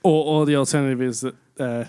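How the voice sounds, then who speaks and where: A man's voice: medium pitch, fairly even intonation, quick pace, dark tone. A man hosting a casual podcast interview, teasing his guest and laughing often.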